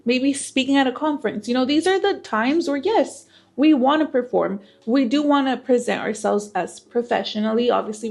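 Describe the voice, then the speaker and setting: Young woman, slight lisp, highish voice, casual vlog host talking straight to camera. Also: creaky. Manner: candid, chatty, swears casually. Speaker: self-improvement channel host.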